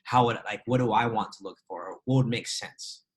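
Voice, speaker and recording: A man's voice: fairly low pitch, steady tone, normal speed, low-quality recording. A man working as a trading educator, talking casually and emphatically, firing off rhetorical questions and laughing often. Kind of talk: casual motivational talk.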